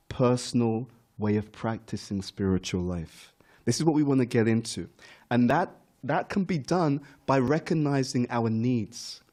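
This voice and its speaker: A man's voice: medium pitch, darkish tone. Earnest middle-aged man teaching a class. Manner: earnest, repeats key words for emphasis. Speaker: spiritual teacher. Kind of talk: morning class talk. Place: temple class room.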